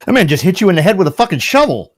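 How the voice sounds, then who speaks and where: A man's voice: high voice, sing-song, very fast, no room sound, clean studio sound. A man chatting casually on a stream in a laid-back, profane, matter-of-fact way.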